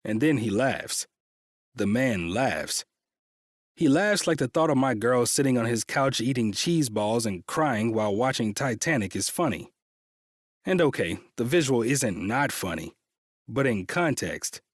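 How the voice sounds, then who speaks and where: A man's voice: medium pitch, expressive, a little slow, no room sound, studio quality. A man reading a first-person romance audiobook with a tense, frustrated delivery and frequent swearing. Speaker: audiobook narrator.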